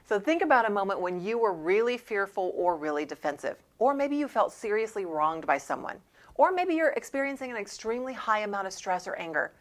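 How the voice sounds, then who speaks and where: A woman coaching salespeople in a scripted training talk. Her delivery is emphatic and punchy, and her pitch sits in a middle range for a woman. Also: sing-song, a little fast. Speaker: sales trainer and show host.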